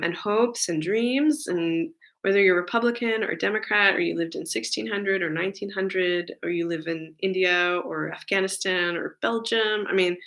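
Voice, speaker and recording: Bright, earnest woman chatting between songs. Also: on the low side, creaky. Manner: earnest and reflective, rambling with many fillers. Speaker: singer-songwriter hosting a home concert stream. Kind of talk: casual chat between songs. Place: her home.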